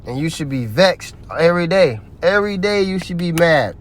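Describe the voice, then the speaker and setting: A man's voice: on the high side, animated, moderate pace. A man giving heated religious commentary, ranting in a profane, preachy way.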